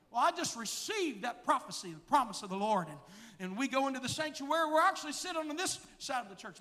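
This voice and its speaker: A man in his forties preaching a sermon, telling a story in a voice that swings from hushed to shouting, in a church sanctuary with reverb. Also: extremely high pitch, very animated, quick pace. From United States. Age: 40s. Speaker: pastor.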